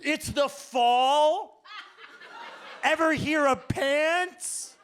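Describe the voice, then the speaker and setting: An exasperated young girlfriend answers with slow, sarcastic drawl, pitched high and bright. A man puts her on on a comedy club stage. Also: a little hiss or hum, full character voice. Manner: sarcastic, drawn-out.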